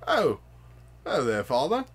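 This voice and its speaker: A man voicing a polite, bewildered man just out of a coma, in a deliberately bad put-on British accent, as improvised comedy. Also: medium pitch, huge pitch swings, breathy edge. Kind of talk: improvised comedy role-play.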